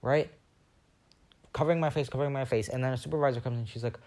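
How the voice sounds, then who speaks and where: A young podcast host rambles through a story in a casual monologue, animatedly acting out the voices of the other people involved. He has a mid-range voice and speaks fast.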